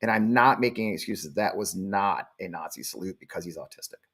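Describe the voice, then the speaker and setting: A man's voice: low-pitched, animated, a little fast, vocal fry, a bit bright. A man in his forties hosting a live show, blunt, defiant and profane. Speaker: show host.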